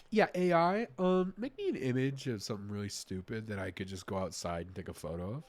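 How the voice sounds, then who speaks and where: A man streaming a puzzle game in casual commentary, thinking aloud, muttering and trailing off, with sudden excited gasps and exclamations. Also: lowish voice, fairly quick.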